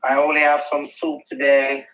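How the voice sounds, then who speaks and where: A man's voice: on the high side, monotone, normal speed, fairly bright tone. Man cooing on a lo-fi phone line. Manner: cloying, keeps repeating "sweetheart". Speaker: phone scammer.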